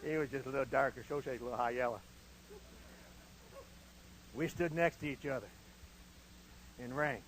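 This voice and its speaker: A middle-aged man preaching in a folksy, animated storytelling manner. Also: medium pitch, normal speed, long pauses, a little hiss or hum, low-quality recording. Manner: animated, folksy, shifts into shouting. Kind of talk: storytelling sermon.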